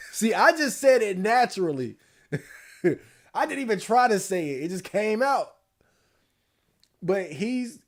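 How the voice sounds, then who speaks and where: High-pitched guy streaming, chill and slangy, cusses a lot, voice kinda hoarse. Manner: laid-back, profane, slangy, laughs often. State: losing his voice. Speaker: streamer reacting to election night. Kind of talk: casual live-stream commentary.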